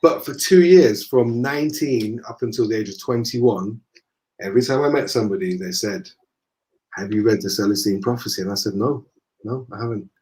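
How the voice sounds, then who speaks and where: A man with a Northern English accent, a guest in a conversation, telling lively anecdotes and acting out the dialogue. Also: lowish voice, normal speed. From northern England. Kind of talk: casual storytelling in conversation.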